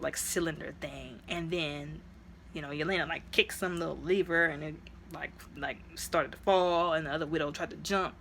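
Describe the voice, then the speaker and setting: Low-voiced woman rambling through a movie recap. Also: a little hiss or hum. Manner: chatty, animated retelling full of "like" and "you know"; sudden jumps up into high exclaiming tones. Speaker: movie reviewer.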